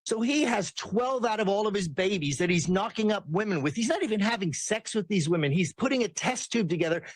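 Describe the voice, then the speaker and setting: A man's voice: sits high, lively intonation, a little fast, dry recording. A man delivering a heated, sarcastic political rant as a commentary host. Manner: ranting, sarcastic, mimics people in quotes.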